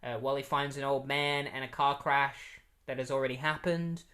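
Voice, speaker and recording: A man giving a casual, rambling comic book recap, full of fillers and restarts, who gets animated when quoting characters. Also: medium pitch, normal speed.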